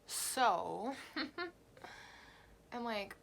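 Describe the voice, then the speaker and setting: A young woman vlogger tells a story in a blunt, animated way and swears freely. Her voice has a gravelly, fry-heavy texture. There is a faint hiss in the background. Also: medium pitch, a little slow. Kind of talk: storytime vlog.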